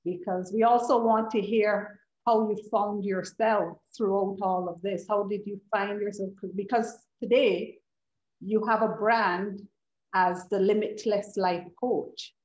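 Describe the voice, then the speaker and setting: A woman's voice: mid-range voice, steady tone, a little slow, darkish tone, roomy sound, muffled recording. A woman hosting an online forum, interviewing a guest and summing up what she said, over a video call. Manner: affirming, summarizing interviewer.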